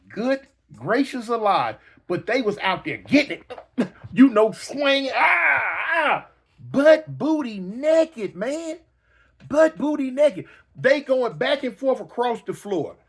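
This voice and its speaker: A middle-aged man casually telling a story to his viewers in slangy talk, acting out booms and slams and repeating phrases for emphasis. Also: breathy edge. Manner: animated, acts out sounds like booms and slams. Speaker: storyteller recounting his own past.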